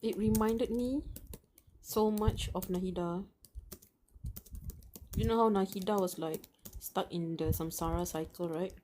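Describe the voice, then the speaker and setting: A woman's voice: medium pitch, fairly even intonation, a little slow, long pauses, dark tone, a little hiss or hum. A young woman reads a story aloud for her stream, taking her time over each line. She sounds nervous and emotionally wound up, sighing and laughing between passages and tossing out casual slang. Her breathing sits right up close to the microphone. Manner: slangy, calls viewers bro and dude. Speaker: live-stream reader. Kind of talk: live reading of a web novel with reactions. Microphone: close mic, audible breathing.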